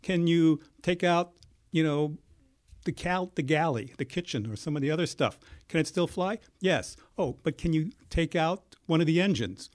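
A man talking as a guest in a studio, explaining things in a measured, step-by-step way. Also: on the high side, lively intonation.

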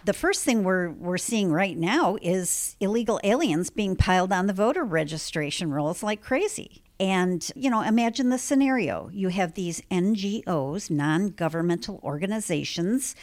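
A woman from Illinois, a guest in a political interview, explaining her points emphatically and punching key words with sudden jumps in pitch. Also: animated, normal speed, hardly any pauses. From Illinois, United States. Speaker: election integrity activist guest.

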